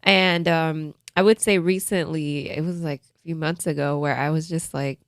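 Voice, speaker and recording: A woman's voice: deep voice, steady tone, moderate pace, dry recording, studio quality. A young woman co-hosting a podcast, chatting openly and confidingly and acting out what people said to her. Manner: open, confiding, acts out quoted remarks. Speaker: podcast co-host. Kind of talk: casual chat.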